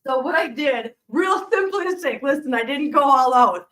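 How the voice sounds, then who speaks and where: A woman hosting a casual live stream, chatty and quick to laugh, often talking to her cats. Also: high voice, expressive, a bit bright, distant mic.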